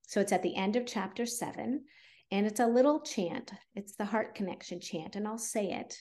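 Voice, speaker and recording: On a podcast, a woman who coaches on fertility talks through her approach in an earnest, chatty way, using fillers. Her pitch is medium, her pace moderate, and her tone darkish.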